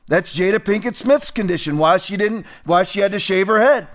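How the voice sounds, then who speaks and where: A man's voice: high-pitched, brisk, hardly any pauses, a bit bright. A man hosting a political commentary show, talking emphatically and repeating phrases for stress.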